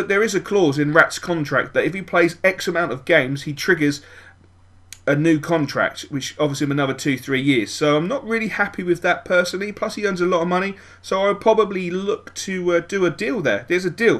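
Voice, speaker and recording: A man commentating his own football video game, muttering over plans and then yelling and swearing at the match. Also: on the high side, a little fast. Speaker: gaming YouTuber. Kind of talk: let's-play commentary.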